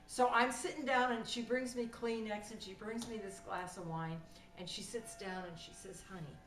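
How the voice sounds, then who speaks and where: A woman casually telling a funny story from her own life, in a lively, animated way. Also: a little high, moderate pace, distant mic. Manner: animated, lively retelling with laughter. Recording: roomy sound from off the mic with faint noise.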